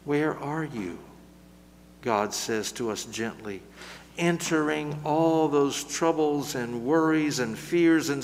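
A man preaching a sermon in a slow, measured way, building louder through lists and then dropping to a soft, gentle close. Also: on the high side, creaky, in a large hall.

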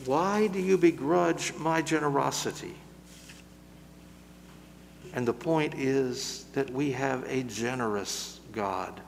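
A man preaching a sermon in a slow, measured way, building louder through lists and then dropping to a soft, gentle close. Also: on the high side, long reverb tail, a little hiss or hum.

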